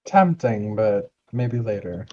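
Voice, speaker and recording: A man's voice: on the low side, sing-song, takes it slowly, dull audio, crowd noise. A man voicing a smug, teasing old acquaintance in a tabletop game, talking in a mocking way.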